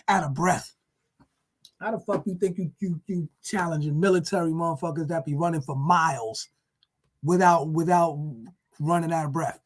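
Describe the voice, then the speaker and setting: High-voiced man on a mocking rant. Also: brisk. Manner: animated, profane, repetitive, mocking. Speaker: vlogger. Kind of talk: casual profane rant.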